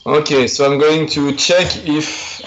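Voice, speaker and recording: A man from France with a strong French accent, hosting a casual chess live stream in English and talking haltingly with many fillers. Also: fairly high pitch, fairly even intonation, fairly bright tone. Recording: dull lo-fi stream audio.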